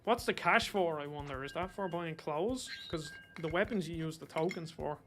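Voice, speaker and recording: A man's voice: fairly high pitch, moderate pace, soft background music. A young Irish man streaming a game, chatting casually, swearing freely and bursting out at the action. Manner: chatty, swears freely, excited outbursts during play. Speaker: gaming streamer. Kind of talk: casual gameplay chat.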